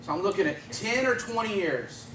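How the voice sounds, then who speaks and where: A man tells his story of faith to a congregation, relaxed and conversational, breaking into small chuckles. His voice sits a little high. The recording is distant and roomy, with clear background noise underneath. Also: normal speed. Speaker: guest giving testimony. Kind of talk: personal testimony at church.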